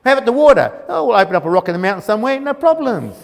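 A man's voice: high-pitched, sing-song, rapid-fire, gravelly, in a large hall. A man preaching a sermon in a colloquial, emphatic way, mocking the grumbling of the people he quotes.

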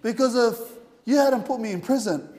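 A man voicing a calm, stubborn male assistant who insists on his view, in a sermon story. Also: very high voice, moderate pace, a little hiss or hum. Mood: insistent. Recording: long hall reverb.

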